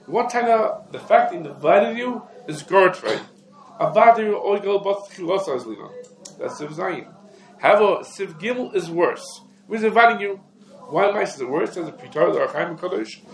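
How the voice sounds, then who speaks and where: A man teaching a lecture on Jewish law, explaining rapidly and peppering his English with Hebrew legal terms. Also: high voice, animated. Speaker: rabbi teaching a class. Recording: echoey room.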